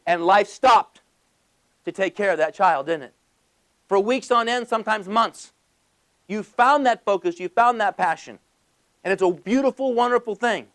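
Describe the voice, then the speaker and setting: A man giving a passionate motivational business speech to a live audience, emphatic and full of rhetorical questions and rapid-fire lists. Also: sits high. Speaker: motivational speaker.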